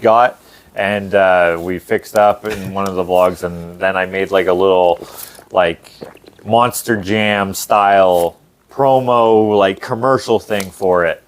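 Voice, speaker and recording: A man's voice: deep voice, steady tone, takes it slowly, slight background noise. Rambling young man co-hosting a chat show. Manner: rambling, laughs often, drops into playful impressions. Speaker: podcast co-host. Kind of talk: casual chat.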